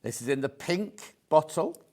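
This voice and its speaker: British male shopping-channel host, lively banter, keeps repeating the price. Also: on the high side, a little slow. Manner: chatty, jokey, repeats prices. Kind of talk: live TV sales pitch. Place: TV studio.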